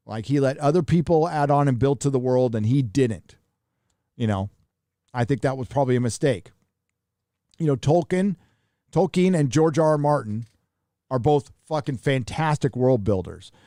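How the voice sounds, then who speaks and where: A man's voice: medium pitch, mellow, no echo, studio quality. Profane, rambling male live-stream host. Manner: rambling, profane, reads chat donations aloud. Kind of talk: casual live-stream chat.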